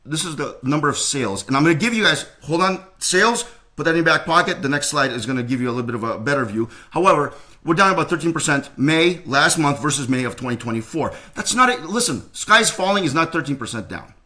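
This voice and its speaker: Middle-aged male realtor, quick and bright, chatty, reassuring, restarts a lot. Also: fairly high pitch, expressive. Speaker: realtor giving a market update. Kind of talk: casual to-camera market update.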